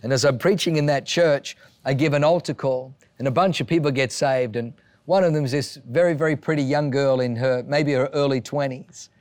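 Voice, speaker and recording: A male pastor giving a sermon with animated storytelling, acting out the voices of people in his stories. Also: mid-range voice, fairly quick, no room sound.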